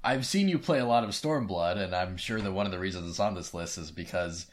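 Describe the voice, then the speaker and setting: A man's voice: low-pitched, brisk. A man co-hosting a podcast in casual chat, rambling and often restarting his sentences. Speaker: podcast co-host.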